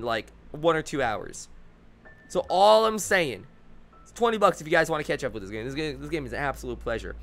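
A young male streamer rambles excitedly about a game, his voice bright and fairly high. His pitch swings widely as he talks. Faint game music plays underneath. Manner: excited, rambling, laughs a lot. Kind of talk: gaming commentary.

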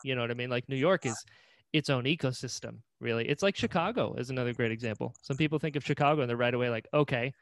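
Relaxed male podcast host, dry sound. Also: mid-range voice, fast talker, dry recording. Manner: conversational, lots of short backchannels. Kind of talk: casual interview chat.

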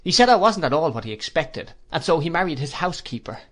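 A man voicing a humble, good-natured young man in an audiobook, talking in an eager, lively way and quick to laugh. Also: on the high side, pitched above the performer's own voice. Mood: cheerful. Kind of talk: audiobook character voice.

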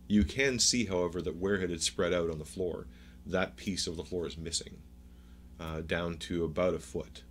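Deep-voiced man narrating as game master. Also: fairly even intonation, a little hiss or hum. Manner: halting, descriptive narration with many fillers.

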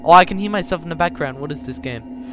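A man playing a voice-controlled game and talking to his viewers in a chatty, confused way, now and then breaking into loud high yells, with his mic held close to his mouth. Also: quick pace, heavy background noise. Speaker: gaming YouTuber. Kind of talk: casual let's play commentary. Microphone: handheld mic held close to the mouth.

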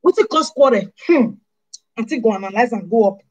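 A woman with a Nigerian Pidgin accent, talking straight to her viewers in an animated, scolding way and firing off rhetorical questions. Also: on the high side, fairly quick, slightly rough, poor audio. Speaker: vlogger. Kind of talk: casual monologue to camera.

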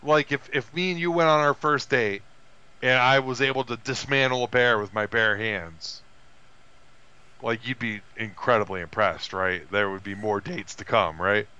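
Man, podcast co-host, casual film chat, animated, forceful tone, muffled audio. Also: moderate pace, smooth. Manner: animated retelling with high put-on voices for quoted characters.

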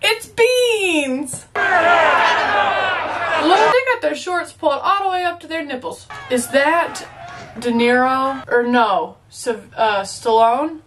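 A woman's voice: sits high, animated, slow pace, recorded from a distance, heavy background noise. A young woman chatting playfully as she reacts to a movie, with joking asides. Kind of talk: casual reaction commentary.

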